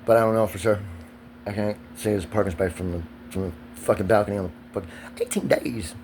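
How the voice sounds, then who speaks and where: A man's voice: lowish voice, steady tone, fast, a little mellow, a little hiss or hum. A man, ranting in a profane, agitated and rambling vlog monologue recorded outdoors. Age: 40s.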